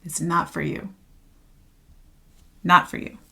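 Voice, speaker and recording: A woman's voice: lowish voice, flat delivery, slow pace, creaky, pushed and bright, breathy edge. A woman giving a casual tarot reading to viewers, chatty and emphatic, repeating her phrases and laughing often. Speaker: tarot card reader.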